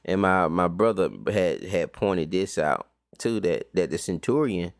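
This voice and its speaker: A man's voice: low voice, unhurried, no echo, clean studio sound. A man teaching an informal Bible study recap, talking casually with slang and rhetorical questions.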